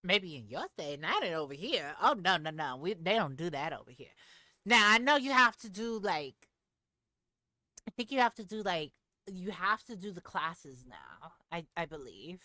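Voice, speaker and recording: A woman streamer telling a story to her live chat in a casual, animated way, laughing often. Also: lowish voice, moderate pace, no room sound, studio quality.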